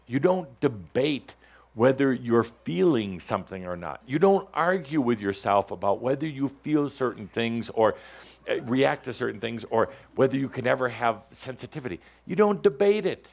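A man's voice: mid-range voice, sing-song, moderate pace, gravelly, darkish tone. A man speaking as a spiritual teacher to a live audience, in a playful, teasing way, often laughing.

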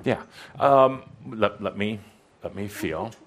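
A man's voice: fairly low pitch, slow pace. A man speaking as a channeled spiritual teacher, coaching an audience member in front of a live crowd in a hall, playful and provoking, with frequent stammered restarts, on a handheld microphone. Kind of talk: interactive workshop coaching.

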